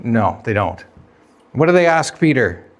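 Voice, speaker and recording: A man's voice: medium pitch, very animated, a little slow. A man preaching a sermon as pastor, conversational, asking the congregation questions and acting out quoted dialogue.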